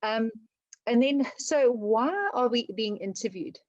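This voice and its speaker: A woman with a South African accent giving an online talk on job interviews, speaking fast and chatty with many ums and restarts. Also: fairly high pitch, animated, no room sound, lo-fi sound. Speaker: webinar presenter on interview skills. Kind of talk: casual webinar talk.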